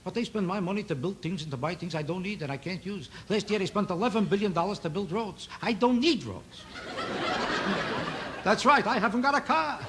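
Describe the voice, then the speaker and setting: A man doing a stand-up routine on a TV variety show, needling an audience member with quick rhetorical questions. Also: high-pitched, expressive. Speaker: stand-up comedian. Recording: loud noise on an old TV broadcast recording.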